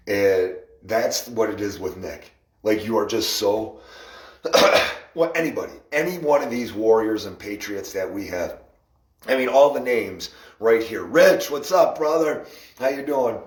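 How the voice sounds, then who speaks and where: A man's voice: fairly low pitch, a little slow, pauses often, distant mic. A man hosting a casual livestream, rambling, laughing often and greeting viewers by name. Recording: echoey room, voice a bit off-mic.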